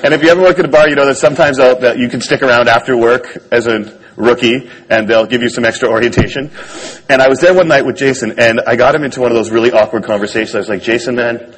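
A man's voice: medium pitch, fast, slight background noise, poor audio. A man on stage telling a personal story to an audience in a wry, self-deprecating way. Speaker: speaker giving a talk.

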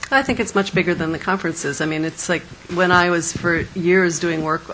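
Thoughtful woman artist, low and hesitant. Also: brisk, fairly bright tone, slight background noise, poor audio. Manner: thoughtful, hesitant, many fillers. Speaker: presenting artist. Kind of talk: conference Q&A.

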